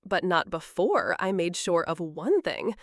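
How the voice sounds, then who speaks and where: A loving older grandmother talks gently but plainly, read by a woman narrator. Her voice moves up and down with lively expression. The sound is dry and close. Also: on the low side, measured pace, no echo. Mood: tender. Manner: gentle, reassuring, plain-spoken.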